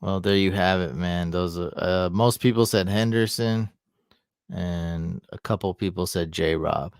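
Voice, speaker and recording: A man's voice: sits low, unhurried, smooth, no room sound, studio quality. A man giving casual fantasy football advice on a live stream, thinking aloud and answering questions from the chat.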